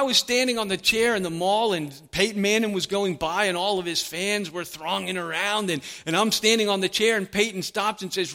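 A man preaching a sermon, animated, acting out the voices of the crowd. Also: sits high, normal speed, hardly any pauses. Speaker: pastor.

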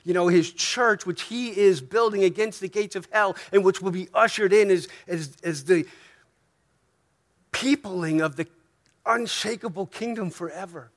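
A man's voice: high-pitched, measured pace. A man with an American accent preaching a sermon as pastor, talking in a conversational way, often checking in with "right?" and rising to emphatic peaks. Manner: swings from soft asides to emphatic rises.

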